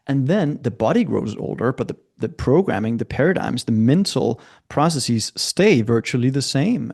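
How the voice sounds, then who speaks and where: Lively gravelly-voiced man telling stories. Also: mid-range voice. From Scandinavia. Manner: lively, acts out quoted voices. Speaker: guest, transformational coach. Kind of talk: animated storytelling.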